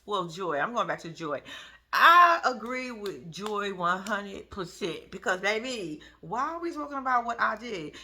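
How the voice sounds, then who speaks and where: Sassy animated woman recapping TV. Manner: sassy, animated, laughing often, quotes herself in high voice. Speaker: reality TV recap vlogger. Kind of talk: casual commentary.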